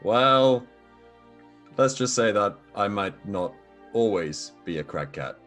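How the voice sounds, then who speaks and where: A man playing a tabletop game as a player, relaxed and a little hesitant. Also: on the low side, slow pace, faint music behind.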